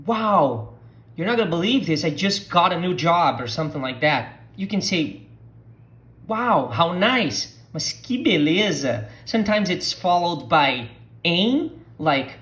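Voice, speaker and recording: A Portuguese speaker from Brazil, teaching a slow language lesson and patiently repeating words for learners to copy. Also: medium pitch, fairly bright tone.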